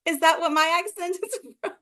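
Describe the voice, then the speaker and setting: A bright, high-pitched young woman with an American accent, chatting as a podcast guest. She is from Los Angeles. Her talk is playful and teasing, and she jokes at her own expense. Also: fairly quick. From Los Angeles, USA. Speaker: comedian guest. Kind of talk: casual podcast chat.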